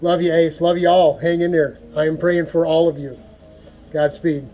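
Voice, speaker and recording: A man giving an earnest, folksy prayer talk to camera, halting and repeating words as he goes. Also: on the high side, little pitch movement, mellow, faint music behind. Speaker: go-kart hobby vlogger.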